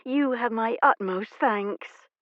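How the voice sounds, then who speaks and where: A woman's voice: on the high side, moderate pace, no echo, muffled recording, pitched above the performer's own voice, close to an everyday voice. A woman narrator voicing a young woman who plays a fragile, swooning debutante in a coy, dramatic manner.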